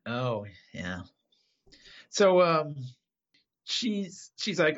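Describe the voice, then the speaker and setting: A man chatting casually on a podcast, retelling a TV episode and acting out the characters' lines with big jumps in pitch. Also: moderate pace, vocal fry, slightly rough, highs cut off. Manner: animated storyteller, acts out quotes with pitch jumps.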